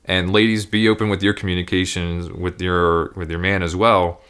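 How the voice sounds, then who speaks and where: A man in his thirties co-hosting a podcast, talking supportively with frequent halting restarts. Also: low-pitched, flat delivery, fairly bright tone, clear, resonant tone. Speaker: podcast co-host. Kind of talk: casual chat.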